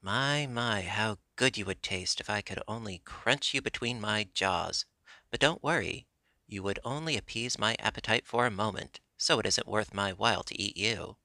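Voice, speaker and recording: A man voicing a hungry but gentle male tiger in a storybook reading, speaking in measured, formal phrases. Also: on the low side, no room sound. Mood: greedy.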